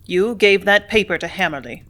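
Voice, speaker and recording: A woman reading a story, voicing a blustering male factory superintendent who speaks loudly and brusquely. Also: lowish voice, expressive, moderate pace. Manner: loud, brusque, bullying.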